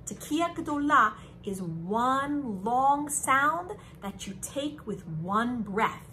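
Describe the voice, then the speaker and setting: Animated, bright-voiced woman teaching kids. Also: high-pitched, a little hiss or hum. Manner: animated, sing-song, slow and drawn out for kids. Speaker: children's teacher. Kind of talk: children's lesson.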